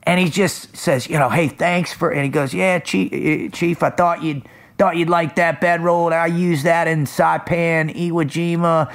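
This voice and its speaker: Man, program founder, higher voice, eager storyteller in casual chat. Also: fairly even intonation. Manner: eager, quick storytelling with frequent restarts.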